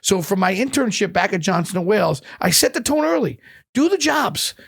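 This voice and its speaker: A middle-aged man telling animated stories in an interview, profane and repeating words when he gets going. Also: high-pitched, fairly quick, gravelly, breathy edge. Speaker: chef and guest. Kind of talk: storytelling interview chat.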